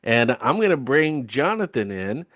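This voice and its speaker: Polite co-host, dry close sound. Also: male voice, medium pitch, very animated, unhurried, fairly bright tone, dry recording. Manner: polite, explanatory. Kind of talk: casual live webinar talk. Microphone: video call.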